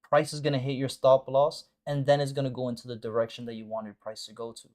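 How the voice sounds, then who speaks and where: A man of middling pitch who coaches his viewers through a live trading session. He is blunt and peppers his talk with slang and profanity. He drives points home by saying short phrases again and again. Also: flat delivery, fast, darkish tone. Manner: repeats short phrases for emphasis. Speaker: forex trading mentor and stream host. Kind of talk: casual live-stream commentary.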